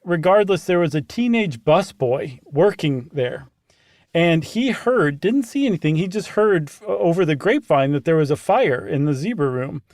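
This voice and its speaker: A man with a fairly high voice tells the story in an animated, chatty way, stopping often for "um" and "like". The sound is dry and close to the mic, with no room echo. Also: moderate pace. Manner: animated, hesitant with fillers, retells events from notes. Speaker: podcast co-host. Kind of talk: casual conversational storytelling.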